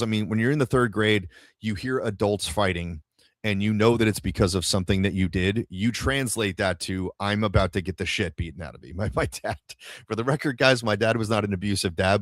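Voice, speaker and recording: A man with a deep, low voice tells a long personal story as a podcast host, loose and chatty with lots of "like"s and swearing. The sound is dry and close, with almost no room echo. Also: fairly bright tone. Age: adult father of a toddler. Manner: rambling, filler-heavy, with frequent swearing. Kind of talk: casual storytelling to a live audience.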